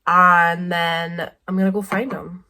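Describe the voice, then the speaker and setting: A woman's voice: lowish voice, level tone, measured pace, bright, forceful tone. A young woman, chatting casually to camera for a vlog, rambling and full of "like". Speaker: vlogger. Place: home kitchen. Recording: echoey room.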